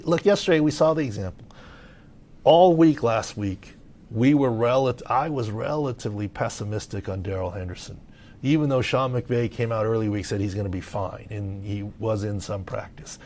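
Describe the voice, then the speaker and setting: A fairly low-pitched middle-aged man from Southern California speaks at normal speed as a podcast's sports medicine analyst. His talk is casual and animated, peppered with filler words.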